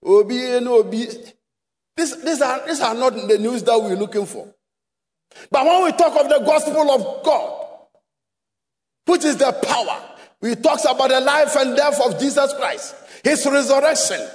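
A Ghanaian man delivers a sermon in a strikingly high voice. He drives each point home with repeated rhetorical questions that swell into shouts. His words ring with the long reverb of a large hall. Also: a little slow. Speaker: preacher.

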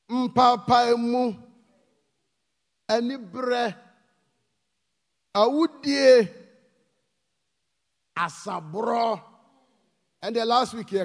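A man with a Ghanaian accent preaches to his congregation, pleading with them and building up to shouted emphasis. His voice is very high, and the recording has a long reverb tail.

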